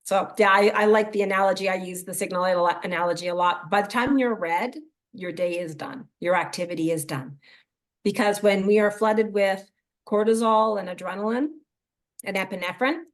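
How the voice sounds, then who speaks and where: A mid-range voice belongs to this middle-aged woman, a mental performance coach, who talks casually during an interview. She lively acts out what's going on in someone's head as quoted speech.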